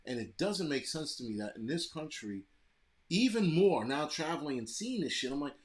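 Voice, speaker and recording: A man's voice: a little high, sing-song, normal speed. A man from the United States hosting a live stream, ranting bluntly and profanely while answering chat comments. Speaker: livestream host reading chat.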